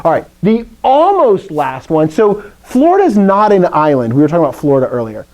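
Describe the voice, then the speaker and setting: Southern guy teaching greek in class, chatty, bouncy voice, warm dark tone. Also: fairly high pitch, fairly quick, rough recording. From American South. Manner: chatty, animated, playful asides. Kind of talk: classroom lecture.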